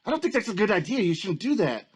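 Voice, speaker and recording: A man putting on a whiny, sneering high voice. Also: sing-song, quick pace, slightly rough, exaggerated voice. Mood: mocking.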